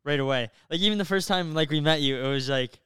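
A man hosting a podcast in casual chat, playful and teasing and quick to egg on his guest. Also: a little high, sharp tone, clean tone, no echo, studio quality. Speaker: podcast host.

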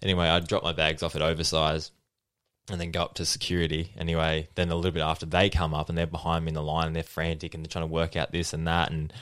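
A young man hosting a podcast, telling stories in a quick casual chat and acting out the people in them. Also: extremely low pitch, completely flat delivery, fairly bright tone, clean tone, dry recording, clean studio sound. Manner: fast storytelling, acting out quoted people. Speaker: podcast host.

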